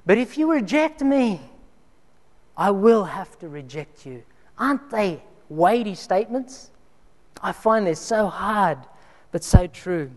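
A man's voice: high voice, expressive, takes it slowly, a little mellow. A man preaching a sermon and telling personal stories, dramatic, sometimes dropping to near whispers for emphasis. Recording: reverberant hall.

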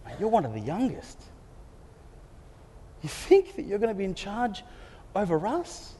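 A man voicing resentful older brothers, low and sarcastic. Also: fast, dark tone, a little hiss or hum, close to an everyday voice. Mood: scornful. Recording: long hall reverb.

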